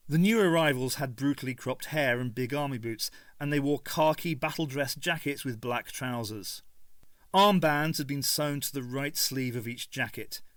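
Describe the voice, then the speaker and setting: A man reading a novel aloud in an expressive, storytelling manner. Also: mid-range voice, no room sound. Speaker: audiobook reader.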